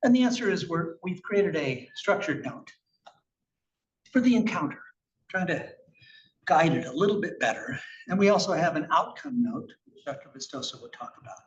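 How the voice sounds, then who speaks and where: A man's voice: high-pitched, very animated, moderate pace. A man giving a conversational, emphatic conference presentation about clinical research with slides, asking rhetorical questions as he goes. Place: conference room. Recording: echoey, distant, muffled room recording with faint noise.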